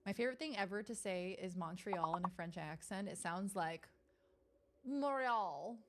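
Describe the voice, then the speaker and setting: A woman's voice: fairly low pitch, steady tone, a little fast, noisy background. A woman streaming games, chatting playfully with her viewers and laughing often. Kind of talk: live-stream gaming chat.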